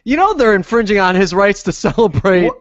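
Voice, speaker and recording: Podcast co-host, man, wry and mock-outraged, slightly high voice, dull lo-fi mic. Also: lively intonation, fairly quick, dry recording. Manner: wry, reads statements aloud, mock-outraged. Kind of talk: casual comedic chat. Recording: dull, dry lo-fi sound.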